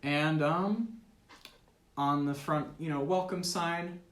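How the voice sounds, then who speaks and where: A man's voice: on the high side, slow pace, fairly bright tone, slight background noise. A teenage boy narrating a tabletop game as game master, casual and often laughing, with many ums and uhs. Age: teens. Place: school room. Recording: echoey room.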